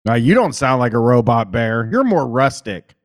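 A man's voice: medium pitch, sing-song, normal speed. Loose-talking Midwestern man hosting calls. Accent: Midwestern American. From Columbus, Ohio. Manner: loose, swearing, rambling with fillers. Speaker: call-in show host. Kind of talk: casual call-in chat.

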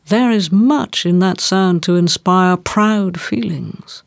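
A woman reading a classic novel aloud in a measured, deliberate way. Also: on the low side, creaky, no echo, studio quality. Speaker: audiobook reader. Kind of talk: literary reading.

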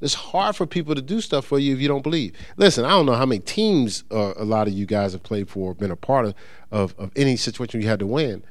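A middle-aged man preaching an informal sermon, reading scripture and talking it through in a loose, conversational, animated way. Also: medium pitch, fast, dry recording. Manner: conversational, animated, with many restarts and sports anecdotes.

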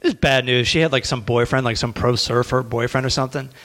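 A man's voice: medium pitch, normal speed, fairly bright tone. A man hosting a podcast and telling a long story in a loose, rambling way. He is a stand-up comedian, laughs often, and fills his talk with "like". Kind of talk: casual storytelling chat.

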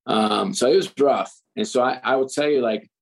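A middle-aged man, an author guest, telling candid stories in an interview, animated and full of restarts. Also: medium pitch, moderate pace, gravelly, poor audio. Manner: animated, restarts often, acts out quotes. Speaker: author and sports executive guest.

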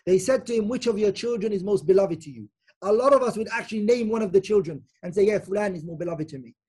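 Husky-voiced man teaching Quran commentary. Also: high-pitched, expressive, fast, warm tone. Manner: explanatory, checks in with "okay?"; repeats key phrases for emphasis. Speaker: Islamic teacher.

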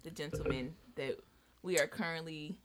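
A woman hosting a casual podcast, brash and profane with loud laughing bursts. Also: deep voice, normal speed, background noise. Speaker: podcast co-host. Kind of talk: casual chat.

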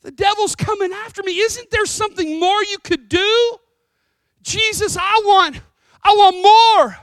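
A preacher acting out an alarmed male disciple who pleads for more than prayer, rising to shouts. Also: very high-pitched, a little slow, no room sound, voice pushed up, heavily acted. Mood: incredulous.

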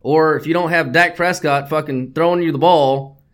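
High-voiced man swearing about football. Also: fairly even intonation, normal speed. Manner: blunt, swearing, worked-up grumbling. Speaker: podcast host. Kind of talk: casual sports betting podcast chat.

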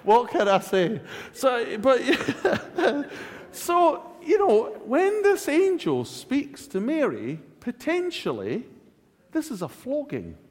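A man's voice: extremely high pitch, slow pace. A man preaching a humorous sermon in a church, with jokey asides. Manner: jokey, animated, self-laughing asides. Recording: long church hall reverb.

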